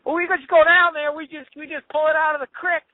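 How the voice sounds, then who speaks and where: A man's voice: very high-pitched, little pitch movement, quick pace, no room sound, pitched above the performer's own voice. A man voicing a dim-witted small-town man with a Southern US accent and a folksy, boastful drawl. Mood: folksy boasting. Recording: tinny phone-like line.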